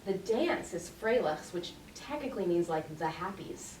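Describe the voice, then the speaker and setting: A woman's voice: fairly low pitch, expressive, normal speed, a little mellow, a little hiss or hum. A woman, a band member, explaining a word during casual stage banter in an apologetic, giggly way. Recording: echoey room, mic from far off.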